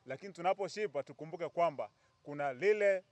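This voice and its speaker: Man, Kenyan accent, rallying political speech, rousing chants, fairly high voice, dry close sound. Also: expressive, fast talker, no room sound. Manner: rousing, call-and-response chants. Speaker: youth speaker at a press briefing.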